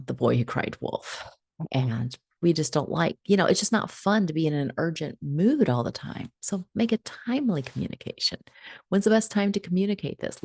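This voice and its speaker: A woman hosting a casual advice talk, animated, laughing often and acting out little scripts. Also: fairly low pitch, creaky, no room sound, studio quality. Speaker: host giving relationship advice.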